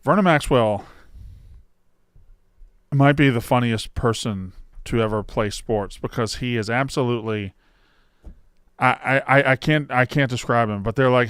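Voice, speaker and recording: A man's voice: mid-range voice, moderate pace, pauses often, a bit bright, smooth, dry recording, studio quality. A man co-hosting a casual sports podcast, emphatic and stumbling over restarts when worked up. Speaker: podcast co-host.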